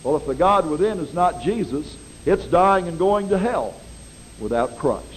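A middle-aged man preaching a sermon in a folksy, animated way, with dramatic swings in his voice. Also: fairly high pitch, normal speed, slight background noise, rough recording.

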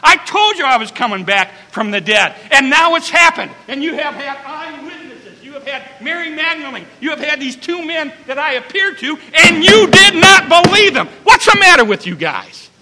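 A man preaching who voices the risen Jesus scolding his disciples, indignant and loud. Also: very high voice, lively intonation, moderate pace, few pauses, big-room sound, background noise, pitched above the performer's own voice. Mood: rebuking.

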